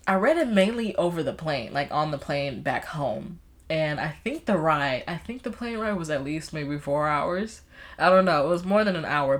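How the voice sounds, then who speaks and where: A young woman chatting casually about books she has read, rambling along with lots of fillers and restarts. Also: sits low. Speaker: book vlogger. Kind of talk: casual book chat.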